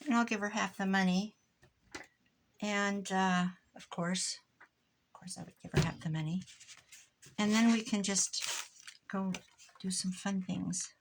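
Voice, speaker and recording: A woman's voice: mid-range voice, fairly even intonation, unhurried, long pauses, a little hiss or hum. A middle-aged woman from Iowa talks in a loose, rambling way while she crafts at home. Her chat drifts from one tangent to the next. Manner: rambling, chatty, wanders off on tangents. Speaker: crafter vlogger.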